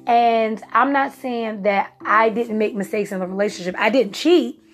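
A woman's voice: a little high, normal speed, faint music behind. A woman from Virginia giving a personal testimony, emphatic and emotional, acting out her past words. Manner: emotional, emphatic storytelling with voiced quotes.

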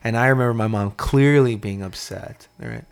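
A man co-hosting a podcast, telling a childhood story in casual chat, animated and swearing freely. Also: medium pitch, normal speed, creaky, clean tone. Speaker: podcast co-host.

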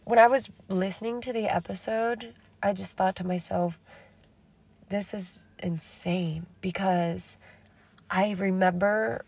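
A young woman hosts a casual self-help podcast with a little rasp from a cold. Her voice has a gravelly fry and a middling pitch. She talks fast and openly, swearing freely like she's chatting with a girlfriend. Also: fairly even intonation, darkish tone. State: slightly sick and raspy. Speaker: podcast host.

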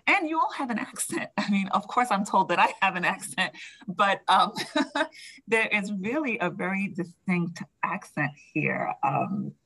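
A woman's voice: medium pitch, very animated, unhurried, bright, forceful tone, breathy edge, rough recording. A woman from New York with a New York accent, answering interview questions as a school district leader in a conversational way, with frequent fillers.

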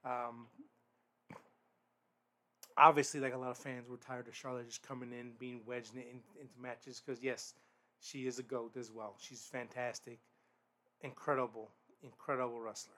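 A man's voice: medium pitch, little pitch movement, moderate pace, long pauses, pushed and bright. A man hosting a podcast, giving a casual solo wrestling review in a rambling, blunt way, often restarting his sentences and swearing now and then. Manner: rambling, frequent restarts and fillers. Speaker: podcast host.

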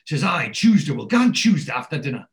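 A man's voice: on the high side, fast, vocal fry, low-quality recording. A man in casual chat, retelling a TV episode, swearing freely and acting out the characters' lines. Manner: animated storyteller, swears freely, acts out quoted lines.

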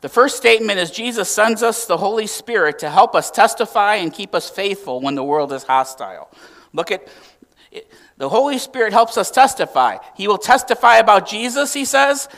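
A man preaching a sermon as pastor, swinging from emphatic, raised exclamations to quiet, hushed lines. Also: sits high, moderate pace. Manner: animated preaching with emphatic rises and hushed drops.

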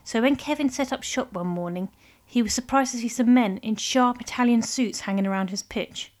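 A woman's voice: on the high side, moderate pace, a little mellow. Woman narrating a comic story. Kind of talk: scripted narration.

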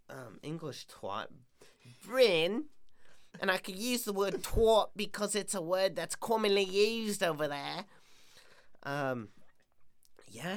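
A young Canadian man hosts a podcast-style casual chat, rambling through stories with lots of fillers and self-deprecating humour. His voice is a little high.

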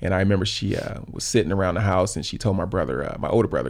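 A man's voice: deep voice, expressive, rapid-fire, a little mellow. A man in his thirties from South Los Angeles, a podcast guest telling reflective stories in casual talk, full of fillers and restarts. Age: 30s. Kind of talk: casual conversational storytelling.

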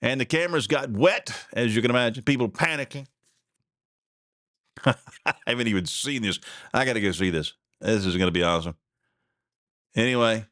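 A man's voice: medium pitch, expressive, a little fast, pauses often, a bit bright, no room sound, studio quality. A man hosting a talk radio show, rambling through stories in a casual, folksy way with frequent chuckles and asides. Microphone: studio mic.

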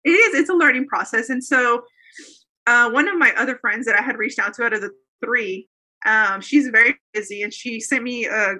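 An earnest woman in her thirties or forties tells a personal story as an interview guest. Her voice sits fairly high and sounds bright and forceful. She rambles a little, circling back with fillers and restarts. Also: moderate pace. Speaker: guest telling a faith testimony. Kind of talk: casual conversational storytelling.

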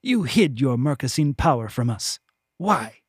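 A man's voice: medium pitch, big pitch swings, measured pace, breathy edge, dry recording, studio quality, exaggerated voice. A man voicing a cold, commanding woman interrogator in a fantasy audiobook, with clipped, icy speech.

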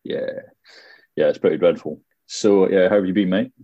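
Low mellow guy on a podcast, dry teasing, lots of restarts. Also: moderate pace, highs cut off. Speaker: podcast co-host. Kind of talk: casual chat.

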